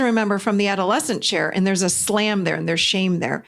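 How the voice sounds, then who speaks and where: A middle-aged woman talks on her solo podcast in a casual, expressive way. Her delivery lifts sharply when she makes a point and sinks into low, confiding asides. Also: brisk, vocal fry, hardly any pauses. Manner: animated and expressive, swings between bright emphasis and low confiding asides. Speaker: podcast host.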